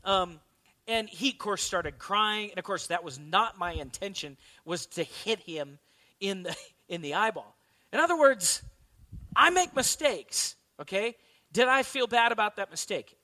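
Bright-voiced man preaching a casual sermon. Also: sits high. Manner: conversational, asks the audience questions. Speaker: pastor.

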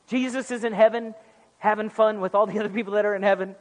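A man preaching a sermon in a church, animated and acting out little comic dialogues. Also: sits high, quick pace. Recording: music under voice, long hall reverb.

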